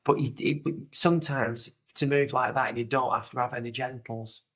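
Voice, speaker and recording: A man's voice: mid-range voice, fairly even intonation, normal speed, a bit bright. A man, co-hosting a podcast in casual comedic chat, rambling through stories, swearing freely and slipping into silly voices. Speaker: podcast co-host.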